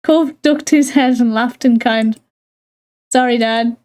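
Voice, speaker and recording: A woman's voice: fairly high pitch, measured pace, a little mellow. A woman streamer reading a visual novel aloud to her chat, giggling often and breaking off with chatty asides.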